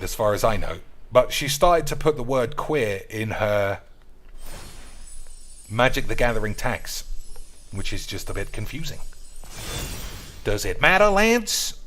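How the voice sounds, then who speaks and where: A man's voice: medium pitch, lively intonation, measured pace, long pauses, a bit bright. A man giving teasing, drawling commentary on his gameplay stream. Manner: drawling, teasing, addresses viewers as boys and lads.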